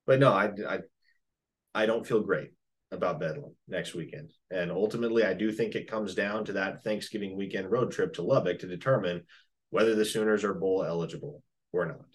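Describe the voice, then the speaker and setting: Lower-voiced guy, skeptical, calm and analytical about his team. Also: fairly quick. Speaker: sports podcast co-host. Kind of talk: casual sports chat.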